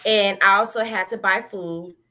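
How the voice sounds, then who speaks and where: Bright-voiced woman telling her story. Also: mid-range voice, steady tone, normal speed. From American South. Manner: acts out her own past words, laughs often. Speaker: guest giving a testimony. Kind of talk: animated personal storytelling.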